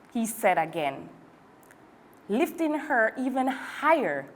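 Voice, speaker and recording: Slow, expressive woman storyteller. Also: fairly high pitch. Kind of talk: reading a picture book to children.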